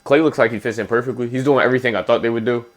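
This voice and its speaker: A man co-hosting a casual sports podcast, giving measured, analytical takes on players, with a Philadelphia accent. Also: mid-range voice, steady tone. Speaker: podcast co-host.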